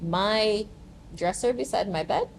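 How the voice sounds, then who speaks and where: A woman hosting a podcast in casual chat, chatty and quick to agree and laugh. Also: mid-range voice, creaky, slight background noise. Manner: chatty, affirms often, laughs readily. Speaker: podcast host.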